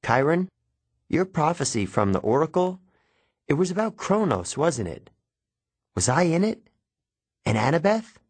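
A man's voice: medium pitch, expressive, normal speed, hardly any pauses, husky, voice pushed up. A man voicing a defiant, impatient young boy in an audiobook, urgent.

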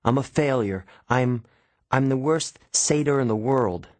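A man voicing an anxious young male satyr who talks in nervous, halting bursts. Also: medium pitch, a little mellow, no echo, close to an everyday voice. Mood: miserable.

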